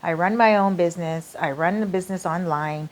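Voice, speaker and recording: A woman's voice: fairly low pitch, fairly quick, slight background noise, close to an everyday voice. A woman quoting her story's boyfriend, earnest and reassuring, in her own voice. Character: earnest man, devoted boyfriend.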